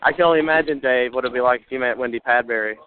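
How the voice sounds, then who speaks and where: A man's voice: medium pitch, racing, slight background noise. A tired man co-hosting a podcast, chatting casually and laughing often as he tells stories. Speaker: podcast co-host. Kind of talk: casual chat. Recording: tinny phone line.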